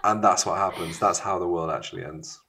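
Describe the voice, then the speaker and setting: Man, host, casual chat, teasing, laughs a lot, very low voice. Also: fairly even intonation, brisk, sharp tone, breathy edge.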